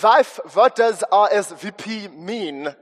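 A man voicing a bewildered Eastern European immigrant husband in a thick put-on accent, slow and heavily accented. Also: high-pitched, expressive, voice pushed up. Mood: puzzled.

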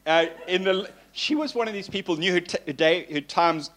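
A man's voice: high voice, brisk, a bit bright. A male pastor preaching in a conversational way, telling personal stories with a self-deprecating tone and frequent fillers.

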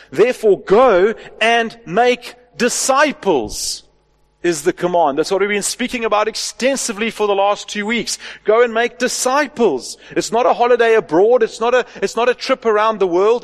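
A man preaching a sermon as the pastor, asking rhetorical questions and stressing key words. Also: high voice. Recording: long hall reverb.

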